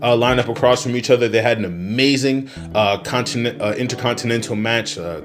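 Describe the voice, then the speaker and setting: A man giving a rambling, profane, excitable wrestling review, often laughing at his own points. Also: medium pitch, a little fast, soft background music. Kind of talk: casual review monologue.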